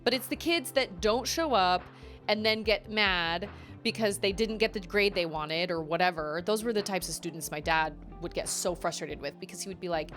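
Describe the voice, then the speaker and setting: A young adult woman, a live streamer, telling stories in a chatty, animated way with quick asides. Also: lowish voice, faint music behind. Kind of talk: casual storytelling on a live game stream.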